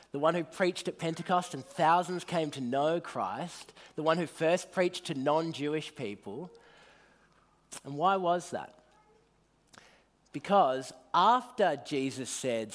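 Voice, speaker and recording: A man delivering a sermon in a voice pitched a little above the usual male range. He tells the story earnestly, letting his voice fall low and quiet on the solemn lines. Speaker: preacher.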